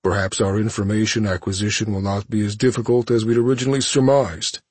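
A man voicing a cold, calculating alien warlord who speaks in measured, condescending phrases. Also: on the low side, little pitch movement, a little mellow, husky, dry recording.

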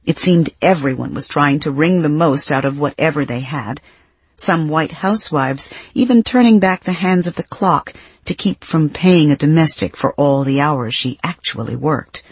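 A woman reading nonfiction as an audiobook narrator, in a measured, expressive storytelling manner. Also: low-pitched, slightly rough, dry recording.

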